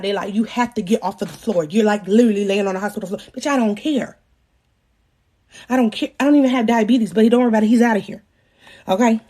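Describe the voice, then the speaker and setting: Young female livestream host, slightly high voice, dramatic profane storyteller. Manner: animated, profane, dramatic retelling with shifting pitch. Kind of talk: casual storytelling to live chat.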